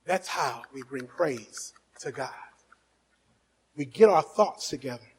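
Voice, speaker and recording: A male pastor preaching a fervent sermon, dropping to soft asides and then rising to shouting as he urges on the congregation. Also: mid-range voice, lively intonation, takes it slowly, slightly rough, rough recording. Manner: exhorting the congregation.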